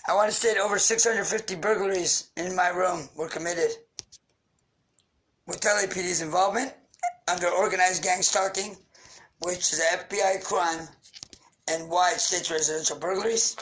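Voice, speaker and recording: A man's voice: high-pitched, fairly even intonation, normal speed, fairly bright tone, poor audio. A man rants into the camera, angry and accusatory. He fires off grievances and insults in a raw, unscripted monologue. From Queens, New York. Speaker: vlogger. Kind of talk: ranting monologue.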